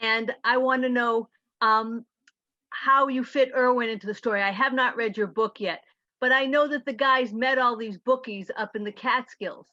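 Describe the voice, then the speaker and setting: A woman's voice: fairly high pitch, steady tone, moderate pace, bright, forceful tone, dry recording. A woman from the audience asking an author a direct question in a Q&A. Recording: dull, dry lo-fi audio.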